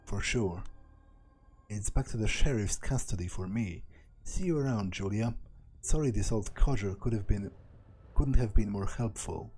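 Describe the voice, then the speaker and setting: Low-voiced man reading a game aloud. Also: moderate pace, warm tone, a little hiss or hum, low-quality recording. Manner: reads every part in his own voice, with small slips and restarts. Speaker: let's play narrator. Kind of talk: reading a visual novel aloud.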